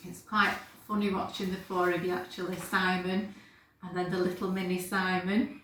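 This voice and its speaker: A woman in her sixties, a mother, giving a warm, earnest birthday message to her daughter. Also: fairly low pitch, little pitch movement, normal speed. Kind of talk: heartfelt birthday video message. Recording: very echoey room, faint background noise.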